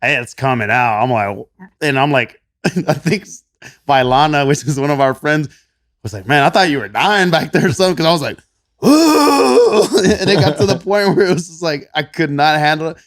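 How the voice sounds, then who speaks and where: A gym coach appearing as a podcast guest tells a story casually in a Texan twang, his voice fairly high and his pace fairly quick. He laughs a lot, curses, and quotes himself in animated voices; the studio-quality recording is dry.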